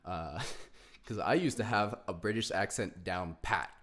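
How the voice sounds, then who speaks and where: A man's voice: lowish voice, unhurried, fairly bright tone. A young man hosting a casual podcast chat, rambling with lots of likes and frequent laughter. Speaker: podcast host.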